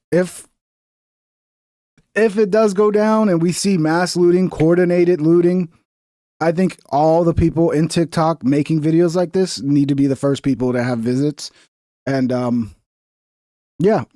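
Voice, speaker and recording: A man in his thirties with a slightly high voice, riffing through reaction commentary with sarcasm and plenty of swearing. He talks in a rambling, casual way, and the recording is dry and close. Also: dark tone, no echo. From Texas.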